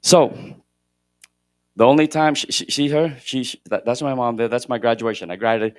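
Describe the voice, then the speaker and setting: A middle-aged man giving a motivational keynote at a conference, shifting between loud emphasis and hushed moments. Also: medium pitch, fairly even intonation, normal speed, dry recording, clean studio sound. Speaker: keynote speaker at a real estate conference. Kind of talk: motivational storytelling speech. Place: conference hall stage.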